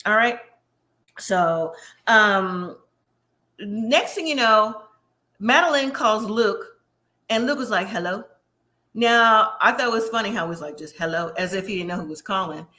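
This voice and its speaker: A woman's voice: medium pitch, lively intonation, sharp tone. A woman hosting a casual recap of a reality show, chatty and opinionated, talking straight to her viewers. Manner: slips into quick impressions of the people she describes. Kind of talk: casual episode recap commentary.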